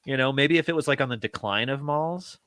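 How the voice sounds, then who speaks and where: A man's voice: medium pitch, a little fast, fairly bright tone, dry recording, clean studio sound. A man in his thirties co-hosting a casual film review podcast, laughing often and acting out what he would say. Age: 30s. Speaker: podcast co-host.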